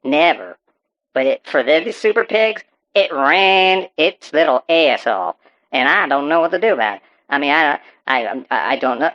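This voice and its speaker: Through dull, muffled audio comes an expressive, medium-pitched voice at normal speed, close to everyday. It belongs to a performer playing a paranoid rural farmer on a call-in show, ranting profanely about super pigs while rambling and stammering.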